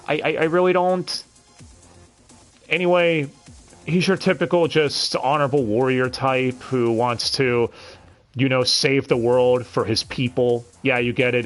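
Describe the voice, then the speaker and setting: Man, stream reviewer, casual commentary, stammering restarts, sarcastic, swears, mid pitch, faint background music. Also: a bit bright. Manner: stammering, sardonic and profane, frequent restarts. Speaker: anime dub reviewer and streamer.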